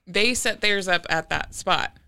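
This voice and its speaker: A woman who sings, a podcast guest talking in a relaxed, matter-of-fact way. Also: fairly low pitch, unhurried, gravelly, clear, resonant tone. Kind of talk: casual chat.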